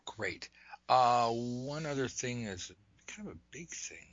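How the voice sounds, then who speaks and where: Bright-voiced man rambling through a tarot demo. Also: mid-range voice, slow pace, dry recording, dull audio. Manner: rambling, joking, animated asides. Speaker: tarot reader teaching a method. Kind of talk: casual spoken demonstration.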